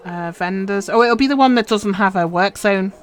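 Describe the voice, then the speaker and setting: A woman's voice: mid-range voice, moderate pace, faint music behind, a faint crowd. Chatty woman streaming a game. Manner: chatty, muttering instructions to herself while playing. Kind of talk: casual live stream commentary.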